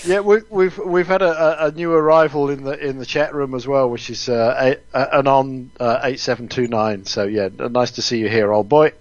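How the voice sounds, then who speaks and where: A man's voice: mid-range voice, fairly even intonation, normal speed, few pauses, dry recording, dull audio. An English man co-hosting an online radio show, teasing dryly in casual banter with frequent stammering restarts.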